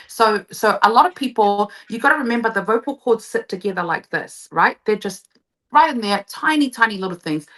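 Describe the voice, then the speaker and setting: A woman's voice: medium pitch, a bit bright. A woman who is a vocal coach and singer, explaining her method in a live interview and breaking into short sung demonstrations. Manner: enthusiastic explaining, sings short demo phrases.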